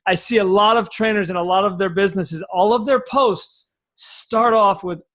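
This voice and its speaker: A man speaking as a sales coach on a podcast, explaining his method in an energetic, folksy way and repeating key phrases. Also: high voice, moderate pace.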